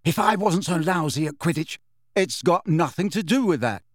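A man's voice: on the high side, animated, normal speed, no echo, studio quality, pitched above the performer's own voice. A man reading aloud, voicing a glum teenage boy who mumbles and blames himself.

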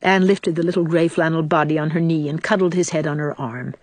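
A woman narrating a classic novel in an expressive storybook reading. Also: sits low, a little fast, hardly any pauses, no echo. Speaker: audiobook narrator.

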